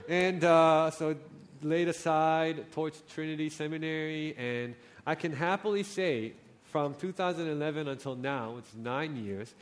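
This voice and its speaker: A man's voice: on the high side, unhurried. A man, a pastor, giving a personal testimony in a sermon, storytelling with feeling and acting out his own prayers.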